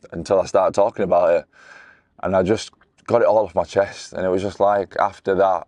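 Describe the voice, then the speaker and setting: A young man tells his own story to camera, earnest and candid, with frequent restarts. His voice sits very low and stays flat in tone. The recording is dry and close. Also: dry recording. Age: 20s. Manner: earnest, candid, with many restarts and "you know". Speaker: motivational speaker. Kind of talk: personal testimony to camera.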